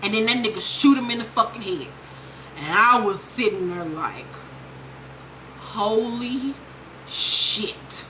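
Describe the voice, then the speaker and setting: A woman with a high, bright voice rattles off a TV episode recap, swearing freely. She tells it like gossip with a friend, lively and unfiltered. Her tone is sharp and forward. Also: a little hiss or hum. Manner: profane, animated storytelling. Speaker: TV recap vlogger.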